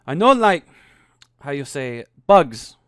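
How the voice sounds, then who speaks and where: A man voicing a shy, flustered young Frenchman with a French accent who speaks halting, broken English. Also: fairly high pitch, sing-song, fairly bright tone, clean tone, dry recording, clean studio sound, pitched above the performer's own voice, full character voice.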